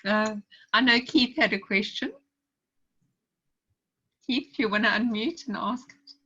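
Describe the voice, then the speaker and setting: A woman moderator briskly hands the floor to the next guest. Her voice has a sharp, bright edge. The video-call audio sounds dull and muffled. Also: on the high side, breathy edge.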